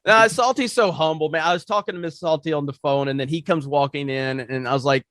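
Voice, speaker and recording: Male co-host, upbeat and agreeable, slightly high voice, dry close mic. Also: fast talker, fairly bright tone, dry recording. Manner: enthusiastic, agreeable, laughing. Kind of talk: casual panel chat.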